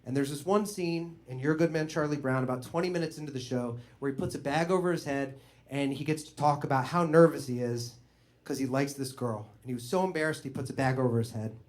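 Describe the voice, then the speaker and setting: A man's voice: mid-range voice, fast talker. Man telling a personal story on stage. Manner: animated, conversational, with bursts of laughter. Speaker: comedian. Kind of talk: stand-up storytelling.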